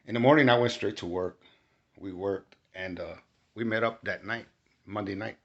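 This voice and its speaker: A man giving a casual testimony, animated and rising to shouts when he quotes himself. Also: low voice. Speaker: storyteller recounting a spiritual experience. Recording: dull lo-fi recording.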